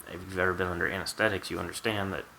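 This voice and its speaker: A man's voice: low voice, level tone, very fast, gravelly, noisy background. A man telling a candid, wry personal story to the camera in a storytime vlog. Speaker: vlogger.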